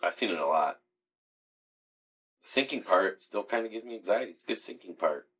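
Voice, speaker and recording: A man joking around in a casual chat, animated and swearing freely. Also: fairly low pitch, brisk, breathy edge.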